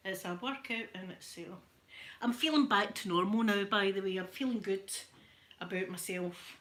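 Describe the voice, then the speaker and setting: A woman's voice: mid-range voice, a little hiss or hum. A woman with a Glaswegian accent chatting casually at home while ironing, jokey and laughing often. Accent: Scottish, Glaswegian. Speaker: ASMR creator. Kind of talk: casual chat.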